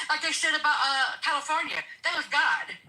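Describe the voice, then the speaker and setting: A woman's voice: sits high, lively intonation, normal speed, bright, forceful tone, poor audio. A woman giving emphatic, preachy political commentary, repeating her points again and again. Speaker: guest commentator. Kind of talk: heated political talk.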